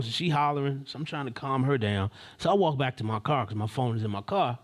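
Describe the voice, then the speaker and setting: A man's voice: medium pitch, expressive, quick pace, hardly any pauses. A man hosting a live stream, telling a story in a casual, rambling, slangy way with many asides and restarts.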